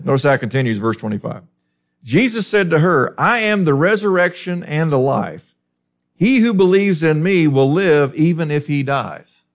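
A man preaching a sermon, teaching through a Bible passage with emphatic rhetorical questions. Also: a little high.

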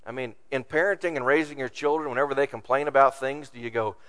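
A man's voice: mid-range voice, lively intonation, racing, hardly any pauses, a bit bright. A man preaching a sermon, reading scripture aloud and acting out the complaints of the people. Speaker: pastor.

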